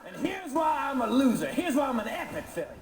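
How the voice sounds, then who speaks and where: Brash animated stand-up comic man. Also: extremely high pitch, brisk. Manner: brash, animated, yelling at times. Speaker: stand-up comedian. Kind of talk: stand-up routine. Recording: echoey venue with noise.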